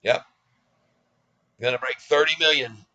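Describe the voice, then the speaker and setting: A man's voice: medium pitch, unhurried, bright, forceful tone, lo-fi sound. A man in his sixties giving casual stock market commentary in a folksy, cocky, self-mocking way. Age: 60s. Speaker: stock trading vlogger.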